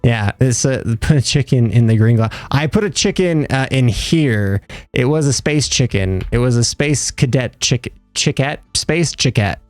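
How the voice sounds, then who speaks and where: A young livestreamer chats casually with viewers while playing a game, rambling, joking, and poking fun at himself. His medium-pitched voice has lively intonation and a slightly slow pace, recorded with no room sound and faint music in the background.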